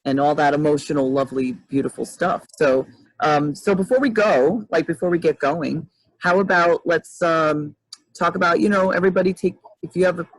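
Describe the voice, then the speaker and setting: A woman's voice: low-pitched, steady tone, moderate pace, dry recording, low-quality recording. A woman in her fifties hosting a casual livestream chat over a video call, rambling and restarting often. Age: 50s. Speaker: host, life coach.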